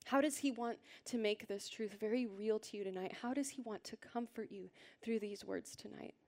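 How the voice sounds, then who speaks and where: A woman preaching a sermon in a church, earnest and gentle, often sinking into a soft near-whisper. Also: medium pitch, normal speed. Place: church hall with a congregation.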